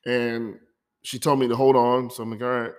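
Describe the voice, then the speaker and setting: A man's voice: mid-range voice, level tone, normal speed. A man hosting his own podcast, talking through a hard week in an emotional personal monologue, often stumbling and repeating words. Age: adult, divorced. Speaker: podcast host.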